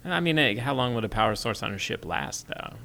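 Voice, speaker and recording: A man's voice: medium pitch, lively intonation, a little fast, creaky, bright, forceful tone. A man guesting on a casual podcast, musing hesitantly with dry sarcasm. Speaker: guest co-host. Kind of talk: casual review chat.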